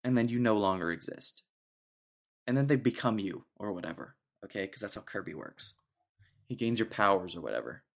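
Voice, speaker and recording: A man's voice: lowish voice, expressive, fairly quick, gravelly. A young man hosting a casual solo podcast, ranting sarcastically and laughing often. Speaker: podcast host.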